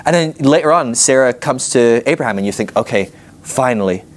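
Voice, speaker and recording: A man teaching a Bible class, telling the story with animated energy and often laughing at his own points. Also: medium pitch, brisk. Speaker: ministry school teacher.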